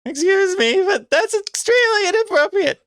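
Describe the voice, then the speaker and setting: A man putting on a high falsetto lady voice, playing a prim young woman who is easily offended. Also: lively intonation, normal speed, a bit bright, no room sound, full character voice. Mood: indignant. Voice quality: squeaky falsetto.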